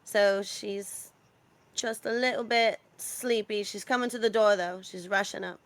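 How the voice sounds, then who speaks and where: A woman's voice: mid-range voice, fairly even intonation, measured pace, slight background noise. A woman player describing her character in a tabletop game in a chatty, eager way.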